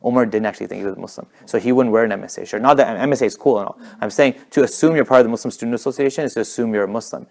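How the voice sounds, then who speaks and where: A young man telling a religious story in a casual, animated way, with many fillers and restarts. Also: mid-range voice, very fast, creaky, hardly any pauses. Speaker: speaker at a community talk.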